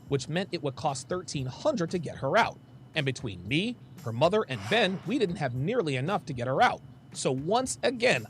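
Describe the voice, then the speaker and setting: Male host narrating his own past with lively, dramatic pitch swings. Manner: animated, dramatic storytelling. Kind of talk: personal story narration.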